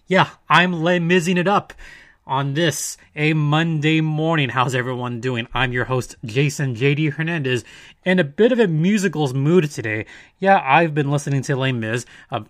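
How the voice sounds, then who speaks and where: A man's voice: mid-range voice, moderate pace, fairly bright tone, no room sound, studio quality, soft background music. A man hosting a sports podcast in a casual, chatty monologue with playful asides and emphatic points. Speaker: podcast host.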